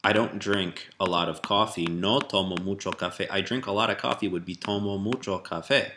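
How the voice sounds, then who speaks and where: A man giving a relaxed spoken language lesson, explaining step by step with fillers and rephrasing. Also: deep voice, a little fast, a little hiss or hum. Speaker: language teacher.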